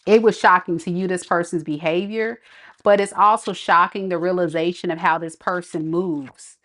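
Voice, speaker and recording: A woman's voice: fairly low pitch, fairly even intonation, moderate pace, fairly bright tone. A woman giving a casual tarot reading, chatty, blunt and sassy with her viewers. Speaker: tarot reader.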